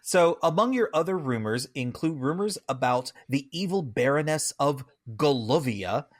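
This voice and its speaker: A man co-hosting a podcast, reading tabletop game text aloud with animated, dramatic flair. His pitch swings widely as he reads and laughs, and the sound is dry and close to the mic. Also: moderate pace, no room sound. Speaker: podcast co-host.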